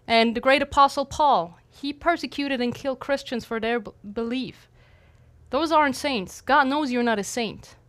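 A woman's voice: high voice, moderate pace, a bit bright. A young adult woman, a missionary, giving an earnest, conversational devotional talk with light humor.

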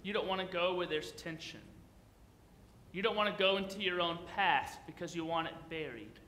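A man's voice: sits high, normal speed, bright, forceful tone, roomy sound. A man preaching a sermon as pastor, in a conversational, playful way, often putting questions to the congregation.

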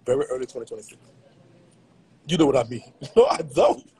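A man's voice: mid-range voice, big pitch swings, brisk, dark tone, breathy edge, low-quality recording. A man chatting casually with viewers on a live stream, slangy and laughing often. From Louisiana.

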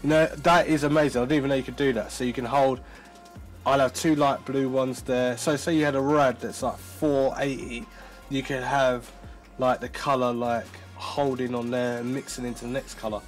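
A man reviewing tech in a casual demo, chatty and excitable, thinking aloud as he goes. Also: mid-range voice, normal speed, soft background music.

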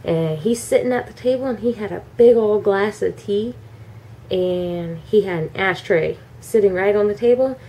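A woman telling her child a bedtime story, animated and acting out the characters. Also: mid-range voice, normal speed. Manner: animated, acts out every character.

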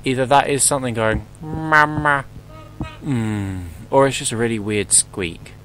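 Speaking at normal speed in a mid-range voice, a young gameplay commentator jokes and swears his way through a horror game, yelping at the frights. Faint music plays behind him on a low-quality recording.

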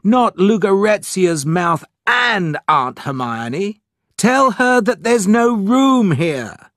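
A man's voice: very high-pitched, lively intonation, takes it slowly, dry recording, studio quality, voice pushed up, exaggerated voice. A man reading a storybook, voicing a bossy, lazy young man who is the eldest brother. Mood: protesting.

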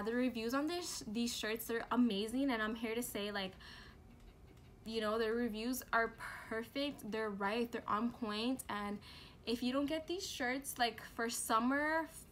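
A young woman chats through a casual product review vlog at home, giggly and full of slang. Her voice sits a little high and she takes her time. A faint hiss of room noise sits under her voice. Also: fairly bright tone. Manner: bubbly, chatty, giggly, lots of fillers and slang. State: out of breath from heat. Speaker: beauty and lifestyle vlogger.

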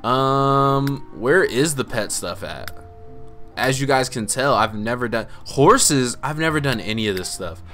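A young man giving casual, slangy gameplay commentary as host, laid-back but prone to excited outbursts. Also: medium pitch, a little slow, faint music behind. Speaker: gaming channel host.

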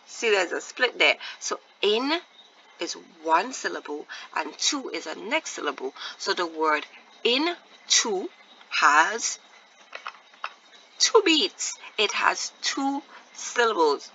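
A woman teacher giving a patient phonics lesson to young children, repeating words slowly and asking encouraging questions. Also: lowish voice, very animated, sharp tone, lo-fi sound, slight background noise. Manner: drawn-out, deliberate word repetition with encouraging questions.

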